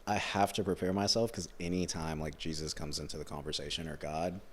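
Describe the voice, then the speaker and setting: A young man with a very low, deep voice chatting casually on a podcast. He is laid-back and slangy, dropping "bro" and "dude" as he talks. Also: steady tone, a little fast, husky. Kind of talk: casual conversation.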